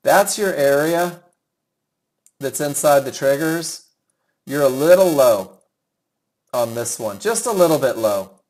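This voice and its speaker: A man's voice: on the high side, expressive, slow pace, pauses often, darkish tone, low-quality recording. A middle-aged man teaching a live trading webinar, chatty and enthusiastic, calling students by name as he reviews their trades. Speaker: trading instructor.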